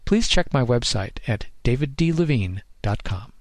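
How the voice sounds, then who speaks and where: A man, the author, reading his own first-person noir story in a measured, deadpan way. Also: mid-range voice, heavy background noise.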